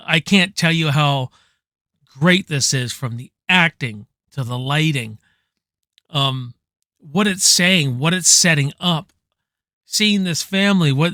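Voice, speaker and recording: An excited male movie reviewer rambles casually, swearing freely and punctuating his points with "man." His voice sits a little high and sounds sharp and bright. It is recorded close to the mic in a dry room. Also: no echo. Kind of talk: casual enthusiastic movie countdown.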